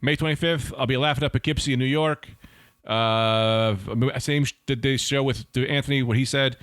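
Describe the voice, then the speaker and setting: A man's voice: medium pitch, steady tone, moderate pace, fairly bright tone, smooth, no echo. Joking young male comedian. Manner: laughing, joking reactions. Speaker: podcast co-host and comedian. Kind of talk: casual podcast banter.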